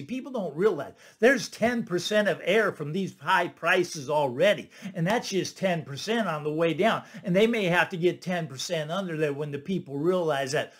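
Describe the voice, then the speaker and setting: A man's voice: sits high, a bit bright. A middle-aged man who works as a real estate agent hosts his own channel, explaining things in casual commentary. He repeats phrases for emphasis and keeps asking "right?". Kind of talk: casual talking-head commentary.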